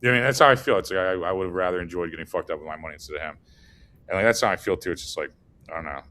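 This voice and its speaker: A man's voice: low-pitched, very fast, pushed and bright. A man from the United States ranting in a loose, profane chat, rambling and piling up fillers as he goes. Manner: profane, rambling rant full of "like". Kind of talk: casual chat.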